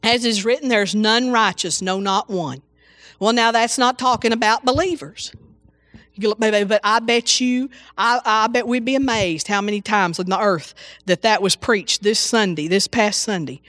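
A woman's voice: a little high, normal speed, fairly bright tone, no room sound. Woman preaching with exclamations. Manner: repetitive, exclamatory, frequent hallelujahs and restarts. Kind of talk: informal sermon.

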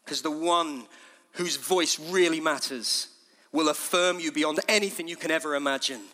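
A man preaching a sermon with passion, dropping to hushed tones and then rising to urgent shouts. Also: a little high, lively intonation, moderate pace. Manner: impassioned, swings from hushed to shouting.

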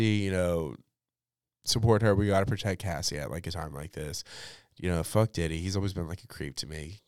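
A man's voice: low-pitched, clean tone, dry recording, clean studio sound. Slangy young man hosting a podcast. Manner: chatty, slangy, swears freely, many fillers. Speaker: podcast host. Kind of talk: casual pop culture chat and review.

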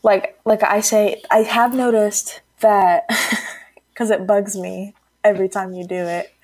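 A woman's voice: mid-range voice, level tone, slow pace, a little mellow, no echo. A woman from Texas chats on her podcast in a loose, casual way. She laughs often and swears without a second thought. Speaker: podcast co-host. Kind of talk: casual chat.

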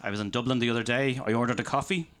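A man performing a live stand-up set of deadpan one-liners in a comedy venue. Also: medium pitch, rapid-fire.

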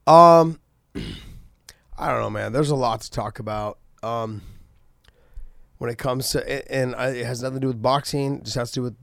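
A man's voice: medium pitch, moderate pace, creaky, long pauses, no room sound, studio quality. A middle-aged man hosting a casual podcast, talking earnestly with many restarts and fillers. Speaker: podcast host and former fighter.

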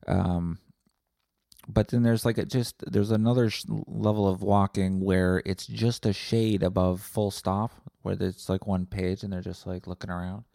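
A man's voice: deep voice, flat delivery, a little slow, vocal fry, dark tone, no room sound. A man hosting a podcast, ranting with sarcasm, swearing often and rambling. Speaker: podcast host. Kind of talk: comedic profane rant.

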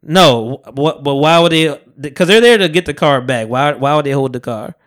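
Casual podcast host, male, animated storyteller, voice a bit on the high side. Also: moderate pace. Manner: animated storyteller, acts out quotes. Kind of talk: casual chat.

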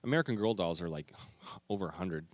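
A middle-aged man delivers a sermon in a church, moving between homey family anecdotes and scripture. He acts out quotes with animated shifts in voice. The sound is dry, with little room echo. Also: deep voice, quick pace. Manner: storytelling, animated, acting out quotes. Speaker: pastor.

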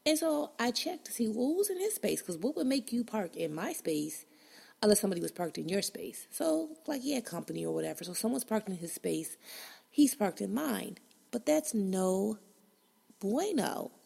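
A woman hosts her own podcast with a deeply gravelly, fry-heavy voice. Her tone is husky and a bit rough. She talks casually and bluntly, swears freely and acts out her own reactions as she tells a story. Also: very animated, moderate pace, mellow. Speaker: podcast host.

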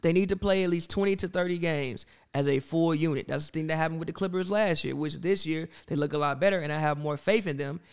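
A young man arguing a point in a loose sports chat, pressing hard and saying the same thing again and again. His voice sits a touch high and comes across smooth and clear. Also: fast, hardly any pauses. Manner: insistent, talks over others, repeats himself. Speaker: co-host. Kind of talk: casual sports debate.

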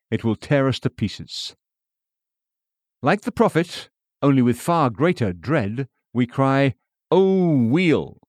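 A man giving a solemn, measured scripted devotional reading. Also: mid-range voice, a little mellow, dry recording, clean studio sound. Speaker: reader of a devotional text.

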